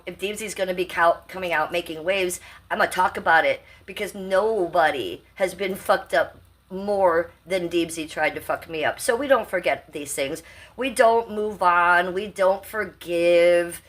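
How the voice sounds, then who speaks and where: A woman in her fifties hosting a casual livestream, brash, profane and rambling as she reads out chat comments. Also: fairly low pitch. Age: 50s. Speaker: livestream host.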